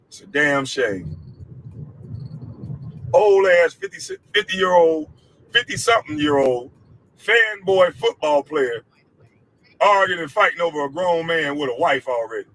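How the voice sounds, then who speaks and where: Forceful man in a heated rant. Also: on the high side, slight background noise, rough recording. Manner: heated, mocking, repetitive. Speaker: former athlete in a clip. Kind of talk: profane rant.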